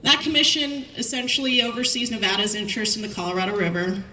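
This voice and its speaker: A middle-aged woman delivers a commencement speech as lively storytelling. Her voice is bright and crisp, heard from some distance off the mic. It rings through an echoey hall over a faint wash of room noise. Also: a little high, fast. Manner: storytelling, lively anecdotes with quoted dialogue. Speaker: commencement speaker.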